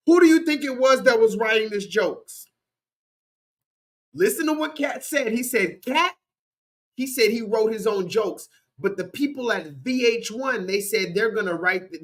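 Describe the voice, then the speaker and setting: A man's voice: high-pitched, fairly bright tone. A man hosting a livestream, chatting casually and talking straight to his viewers. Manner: chatty, addresses the viewers directly. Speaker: livestream host.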